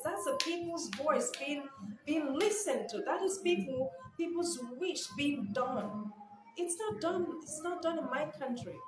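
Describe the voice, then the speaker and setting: Laughing, animated woman commentator. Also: sits high, a little slow. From Nigeria. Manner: animated, incredulous, laughs often. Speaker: news commentator. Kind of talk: casual commentary vlog. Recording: echoey room with background music.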